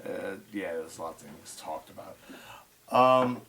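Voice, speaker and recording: A man's voice: sits low, expressive, a little slow, bright, forceful tone, a little hiss or hum. A man hosting a casual chat, talking loosely and swearing as he rambles. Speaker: host.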